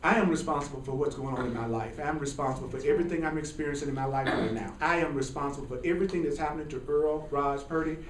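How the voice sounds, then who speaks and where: A man teaching a live sermon to an audience, animated and repetitive, chuckling as he preaches. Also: on the high side, quick pace, few pauses, slight background noise. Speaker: spiritual teacher. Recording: echoey hall from far off.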